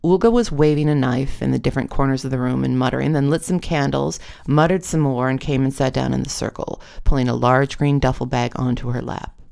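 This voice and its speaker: Wry audiobook narrator, gravelly tone. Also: medium pitch, brisk, darkish tone. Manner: wry, self-deprecating. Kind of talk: comic memoir audiobook reading.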